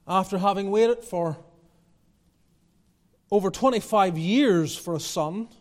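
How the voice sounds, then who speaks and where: A man's voice: high voice, big-room sound. A male pastor preaching a sermon, building with emphatic repetition and rising intensity.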